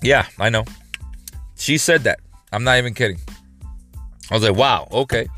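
A man's voice: mid-range voice, normal speed, pushed and bright, soft background music. A man recording a casual vlog from his parked car, telling a story in a loose, rambling way with frequent swearing and laughter. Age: adult. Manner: rambling, profane, laughing rant. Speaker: vlogger host. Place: parked car in a work parking lot.

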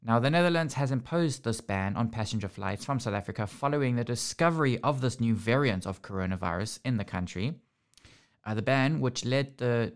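Gravelly, sarcastic male podcast host. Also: mid-range voice. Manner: sarcastic ranting with frequent restarts. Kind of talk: casual podcast chat.

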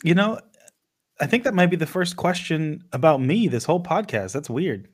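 A man's voice: a little high, lively intonation, normal speed. A young man hosting a casual podcast chat with his father, laid-back and amused, mostly giving short replies. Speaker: podcast host, the son.

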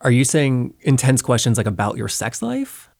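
A man's voice: mid-range voice, very animated, normal speed, vocal fry, darkish tone, a little hiss or hum. A man hosting an interview, asking curious questions in a casual way, often filling in with "like". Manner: curious, fills in with "like" a lot. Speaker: interviewer, podcast host.

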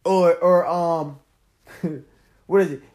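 Man, young adult, podcast host, casual monologue, animated, fairly high voice. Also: takes it slowly. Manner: animated, talks straight to the listener, rising loud when worked up.

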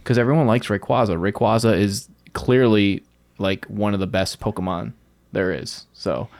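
Playful young man with a low voice. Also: steady tone, normal speed, a little mellow, no room sound. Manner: playful, laughs easily, teasing. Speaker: podcast co-host. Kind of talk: casual chat.

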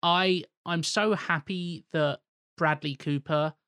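Podcast co-host, quick and chatty, dry close recording. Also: mid-range voice, steady tone, a bit bright, clean tone, dry recording. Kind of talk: casual podcast chat.

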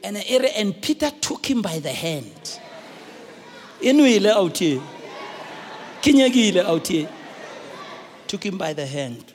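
South African man, sermon, animated swooping pitch, faint congregation behind. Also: slow, long pauses, a faint crowd. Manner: animated, often shouting, acts out voices. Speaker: bishop preaching. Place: large church hall. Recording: live church recording with long reverb.

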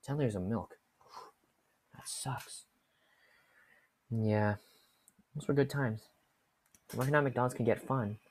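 Very deep-voiced young woman, casual storyteller. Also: slow pace, long pauses, darkish tone, slightly rough. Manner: swears freely, laughs a lot. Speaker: vlogger telling work stories.

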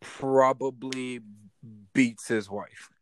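A man's voice: medium pitch, steady tone, very slow, slight background noise. A man co-hosting a casual podcast chat, talking animatedly, swearing and repeating himself as he jokes. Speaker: podcast co-host.

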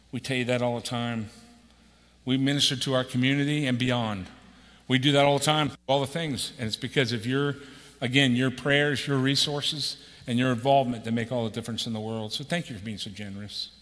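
Older guy preaching a sermon, bright punchy voice, lots of hall echo. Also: medium pitch, a little fast. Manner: conversational, animated, acts out quotes with a raised voice. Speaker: executive pastor. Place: church auditorium. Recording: long hall reverb.

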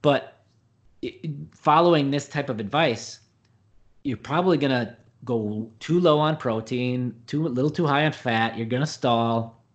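A man's voice: mid-range voice, a little slow, lo-fi sound. Rambling middle-aged man, diet coach. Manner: rambling, frequent fillers and restarts. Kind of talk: conversational interview answer.

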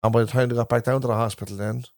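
This Irish Traveller man hosts a podcast from a caravan, rambling and repeating himself as he tells family stories in casual chat. His medium-pitched, darkish voice races along in a flat delivery, recorded studio-clean with no room sound.

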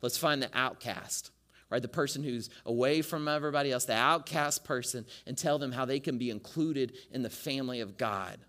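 Earnest male pastor preaching. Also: moderate pace. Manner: earnest storytelling, rising loud then dropping soft and low. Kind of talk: sermon.

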